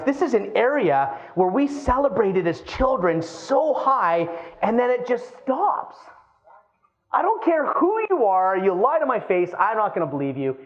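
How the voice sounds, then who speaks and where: A man in his thirties giving a live keynote talk, lively and playful, acting out quoted voices as he goes. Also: sits high, lo-fi sound. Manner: animated, acts out quoted voices. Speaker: keynote speaker.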